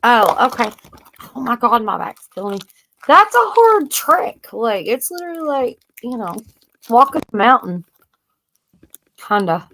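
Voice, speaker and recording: A woman's voice: on the high side, lively intonation, normal speed, gravelly, pauses often, fairly bright tone, slight background noise. Slangy woman chatting on stream. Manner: loose, slangy and blunt, with mild cursing. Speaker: livestream host. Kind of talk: casual live-stream chat.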